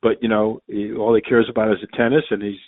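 A man's voice: lowish voice, level tone, quick pace. Guy phoning in, sounds like a phone line, keeps saying you know. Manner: rambling, lots of you-knows and restarts. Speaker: tennis journalist guest. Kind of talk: phone interview.

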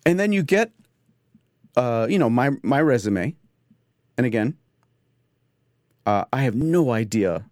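A man hosting a podcast, talking in an excitable, rambling comedic monologue from his studio. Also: mid-range voice, measured pace, long pauses, no echo. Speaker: podcast host. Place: home studio.

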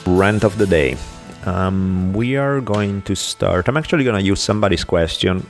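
A man's voice: deep voice, creaky. A man from Italy, co-hosting a podcast in loose, rambling casual chat with some swearing. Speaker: podcast co-host.

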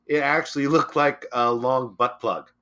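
A man co-hosting a comedy podcast, telling crude, absurd stories in a deadpan way. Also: mid-range voice, moderate pace. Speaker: podcast co-host. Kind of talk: comedic storytelling chat.

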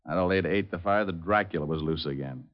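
A man playing a wisecracking, lowish-voiced private eye. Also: quick pace, natural voice. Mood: wry. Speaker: private detective and narrator. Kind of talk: 1940s radio acting. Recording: muffled 1940s radio broadcast with faint music.

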